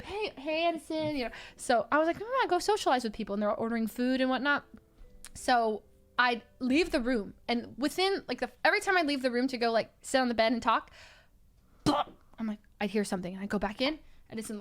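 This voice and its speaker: A young woman streamer telling a story in casual chat, animated, laughing often and acting out quotes. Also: on the high side, fast talker.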